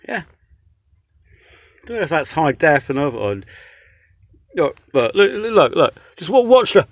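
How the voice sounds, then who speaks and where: With a slightly high voice and big pitch swings, a young vlogger reviews a takeaway meal at a measured pace, leaving long pauses between his exasperated, profanity-laden rambles. The casual rant is recorded dry, indoors, on a phone or camera held close.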